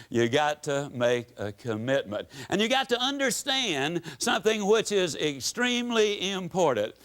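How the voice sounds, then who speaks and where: A man's voice: on the high side, fairly bright tone. A man giving a motivational speech to a live audience, telling folksy stories with sweeping rises and drops in his voice. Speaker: motivational speaker. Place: stage before an audience.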